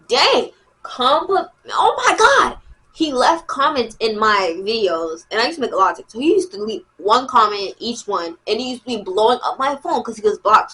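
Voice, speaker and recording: A woman with a fairly high voice rambles through a casual storytime straight into her camera. Her talk is loose and slangy, full of "like" and "bro." She slips into animated retellings of what was said. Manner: animated retelling with exaggerated quotes. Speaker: vlogger.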